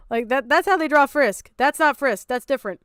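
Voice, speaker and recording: Young woman streamer, high voice, swears a lot, loud and fed up, dry close sound. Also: no echo. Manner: blunt, profane and exasperated, often shouting in disbelief. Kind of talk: casual reaction commentary.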